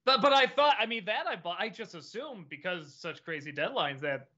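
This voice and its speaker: A man's voice: high-pitched, lively intonation, normal speed, bright, forceful tone, muffled recording. A man chatting as a panelist on a livestream, musing aloud with hesitant restarts. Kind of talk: casual panel chat over a call.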